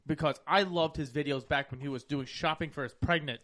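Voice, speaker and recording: A man chatting casually, telling stories in a fast, profane, animated way. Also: fairly high pitch. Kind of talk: casual chat.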